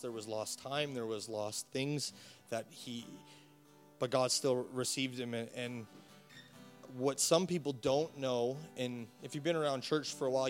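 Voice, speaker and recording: A male pastor preaching a sermon with rising passion, repeating words as he builds his point. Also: medium pitch. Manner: impassioned, rising to emphatic preaching.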